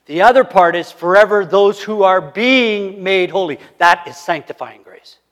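A man preaching a sermon, swinging between loud emphatic lines and hushed asides. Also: high voice, normal speed. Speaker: pastor. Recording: long hall reverb.

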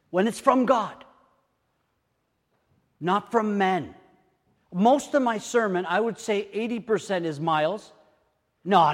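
An older pastor preaches a sermon in a church hall, his voice sitting on the high side as he tells animated stories that build to excited exclamations. The recording carries a long hall reverb.

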